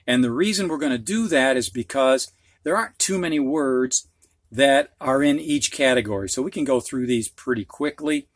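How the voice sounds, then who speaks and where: A man's voice: mid-range voice, moderate pace, no room sound, studio quality. A man with a Midwestern accent teaching a phonics lesson, patiently explaining words with examples and asides. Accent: Midwestern American. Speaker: reading teacher.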